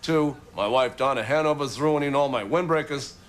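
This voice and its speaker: A man's voice: mid-range voice, normal speed, slight background noise, lightly acted. A man impersonating a boastful, self-mocking big-city mayor in his fifties, delivering wry punchlines. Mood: wry boasting. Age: 50s.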